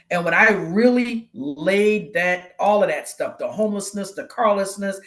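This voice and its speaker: Speaking at a normal speed with hardly any pauses, a woman with a medium-pitched voice shares a personal testimony as a guest co-host on a live show. She's animated, acting out the voices of the people in her story.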